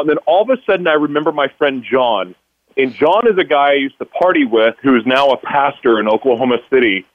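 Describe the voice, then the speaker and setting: A man's voice: mid-range voice, expressive, brisk. A man, a radio show guest, telling an emotional personal story, acting out his past self and stammering through restarts. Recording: dull lo-fi radio broadcast.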